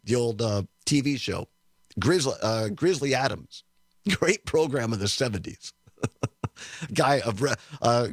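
A man's voice: a little high, no echo. Radio host guy telling a story, lots of chuckles, bouncy voice, dry studio mic. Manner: animated, chuckles often, acts out quoted people. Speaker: radio talk show host. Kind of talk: storytelling chat on air.

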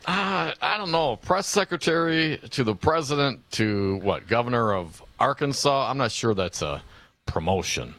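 A male talk radio co-host trades dry, wry quips with his partner. His pitch moves in a lively way, and his voice sits at a middle height. He sounds close and dry in the studio. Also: moderate pace, gravelly, no room sound. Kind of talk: casual political talk radio banter. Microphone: studio microphone.

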